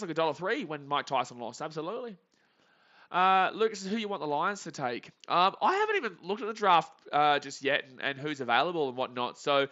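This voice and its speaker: High bright man streaming live. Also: highs cut off. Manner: chatty, reads chat, bursts into excited shouts. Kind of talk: live game reaction stream.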